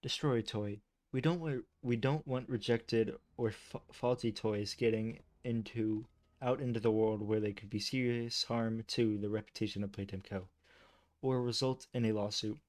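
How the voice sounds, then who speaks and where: A man's voice: fairly low pitch, steady tone, normal speed, darkish tone. A man reading game lore aloud, tripping over words and breaking off into chatty, self-deprecating asides. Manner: stumbles over words and restarts often. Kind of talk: reading aloud with casual commentary.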